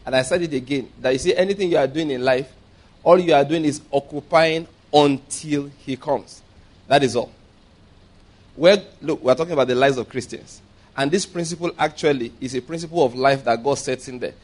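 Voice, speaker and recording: A male preacher in full sermon mode, emphatic and insistent. He hammers his points home through repetition and keeps checking that his listeners follow him. His pitch sits in the middle of the range for a man. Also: a little fast. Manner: emphatic, repeats key points, asks the congregation if they follow.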